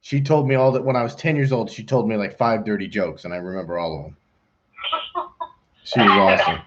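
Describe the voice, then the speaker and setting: A man's voice: on the low side, fairly quick, a bit bright, a little hiss or hum. A middle-aged man hosting a live pool design call, joking and talking to himself as he works on the computer. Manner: joking, talks to himself while working. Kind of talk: casual chat while designing on a computer. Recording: dull lo-fi stream audio.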